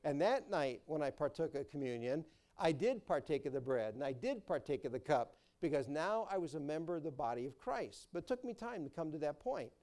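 A man's voice: a little high, big pitch swings, fairly quick, mellow. A man preaching a sermon as pastor, folksy and storytelling. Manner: folksy, storytelling, repeats words.

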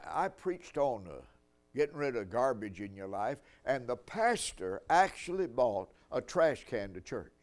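An older man preaching a sermon, telling folksy stories with dry humor. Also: medium pitch.

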